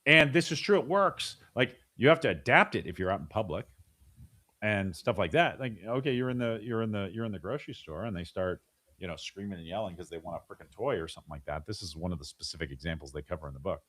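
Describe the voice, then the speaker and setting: A man's voice: low voice, lively intonation, quick pace, a bit bright. A middle-aged man in a casual interview, talking animatedly with frequent restarts and acting out voices of parents and kids. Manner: frequent restarts and repeated words. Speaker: podcast guest.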